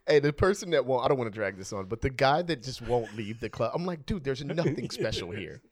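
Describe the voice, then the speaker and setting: A man co-hosting a podcast in casual chat, laughing often and telling stories with lively quoted voices. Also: mid-range voice, fast, dry recording. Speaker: podcast co-host.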